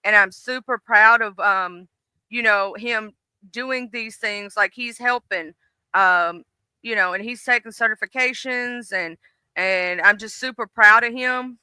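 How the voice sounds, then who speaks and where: A woman's voice: fairly high pitch, a little slow, pushed and bright, clear, resonant tone, dry recording. A middle-aged woman hosting a live stream in casual, rambling chat, full of fillers and restarts. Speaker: livestream host.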